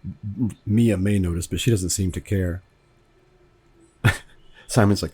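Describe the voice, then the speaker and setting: A man from Kentucky talks through his own film as its director, in a relaxed, rambling way. He often repeats a word while he gathers his thoughts. His voice sits very low and has a slightly husky grain. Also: slow pace. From Kentucky, United States. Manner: rambling, conversational, repeats words as he thinks. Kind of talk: director's commentary.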